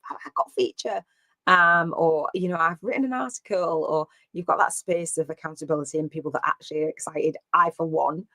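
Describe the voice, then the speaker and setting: A woman's voice: deep voice, fairly bright tone, no echo. A woman coaching live on a stream, chatty and rambling with many fillers and restarts. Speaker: business coach.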